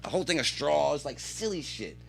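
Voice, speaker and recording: A man telling animated, swear-filled stories as a podcast guest in a radio studio. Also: a little high, brisk, gravelly, slight background noise. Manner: animated storytelling, heavy swearing. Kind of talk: casual chat.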